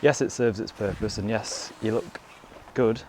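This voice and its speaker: Outside in a garden, a young man chats to the camera for his fitness vlog, meandering through lots of "you know" asides. He speaks at a normal speed in a slightly mellow voice on the low side, and there's a little hiss or hum.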